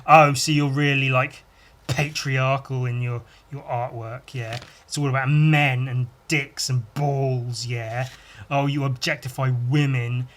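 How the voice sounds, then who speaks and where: A man's voice: mid-range voice, steady tone, measured pace, a bit bright, natural voice. A man putting on a nosy, judgmental stranger. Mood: accusing. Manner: incredulous, then accusing.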